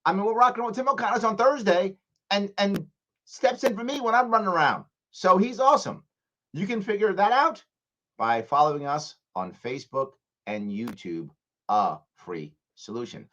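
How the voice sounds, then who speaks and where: A male host of a live call-in radio talk show, talking emphatically and swinging between loud punches and hushed asides. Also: high-pitched, animated, normal speed, lo-fi sound.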